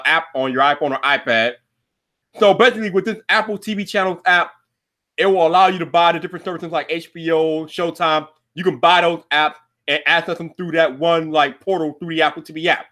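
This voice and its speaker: A young man hosts a ranting tech show, his voice very high and cutting. He talks loud and exasperated, often breaking into shouts and swearing. Every complaint comes out sharp and bright. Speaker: show host.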